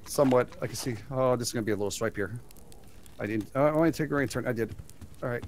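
There's a little hiss or hum behind a man's fast, mid-range voice as he plays a co-op survival game. He keeps the chat casual, stammering slightly and laughing a lot.

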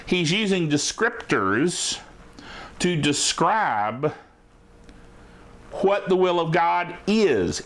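A man preaching a sermon who reads scripture slowly and often asks the listeners "Amen?". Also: a little high, very animated, a bit bright. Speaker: pastor.

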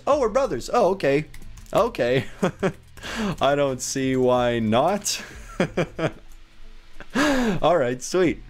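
In his gameplay video, a young host gives playful, excitable commentary, laughing often and reading chat aloud in a slow, dopey voice. His voice jumps higher when he panics, and faint music plays in the background.

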